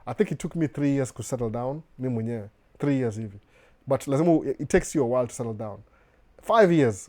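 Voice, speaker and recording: Hosting a live Q&A, a man reads viewer questions aloud one at a time and gives down-to-earth advice in a relaxed, mellow, medium-pitched voice. He often breaks off and restarts his words, and his Kenyan accent carries a slight American touch.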